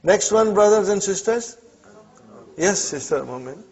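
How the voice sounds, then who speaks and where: A man's voice: high voice, expressive, a little slow, breathy edge. A man teaching an Arabic class, quizzing students with short "huh?" prompts and explaining each example. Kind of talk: classroom lesson. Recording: dull lo-fi classroom recording.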